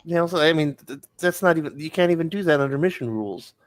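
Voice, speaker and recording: A man's voice: on the high side, lively intonation, fast, dry recording. A man in a casual podcast chat, making skeptical quips.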